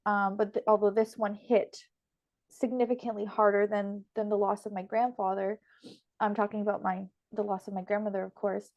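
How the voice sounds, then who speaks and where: A woman's voice: mid-range voice, flat delivery, normal speed, highs cut off. A young woman hosting a casual spiritual podcast conversation, chatty and emotional, laughing often. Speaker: podcast host and medium.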